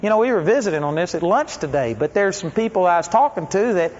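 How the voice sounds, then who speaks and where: Man, preacher, high voice, conversational sermon, questions the congregation, dull lo-fi recording. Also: sing-song, quick pace, a little mellow. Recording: echoey hall, dull lo-fi sound.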